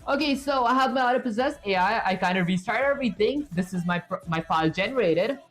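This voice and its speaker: A woman's voice: mid-range voice, lively intonation, fast talker. A woman live-streaming as she codes, talking casually to her viewers, rambling and reaching for words with fillers as she thinks aloud. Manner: chatty, rambling, with filler words and self-talk. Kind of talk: casual livestream commentary while coding. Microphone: streaming setup with webcam.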